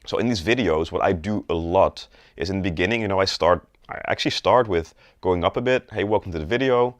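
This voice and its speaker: A man teaching sales technique in an instructional video, demonstrating rising, flat and falling tones in his examples. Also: deep voice, brisk, dry recording. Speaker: sales coach.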